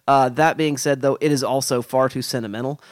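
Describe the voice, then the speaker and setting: A man from Oklahoma co-hosting a casual film analysis podcast, animated and jokey with playful asides. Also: medium pitch, a little fast, no echo, studio quality. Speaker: podcast co-host.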